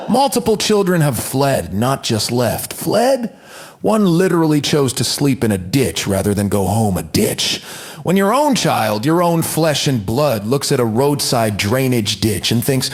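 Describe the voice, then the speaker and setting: A man performing a mocking stand-up comedy monologue, breaking into high yelled impressions of shouting preachers. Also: very animated, measured pace, slightly rough.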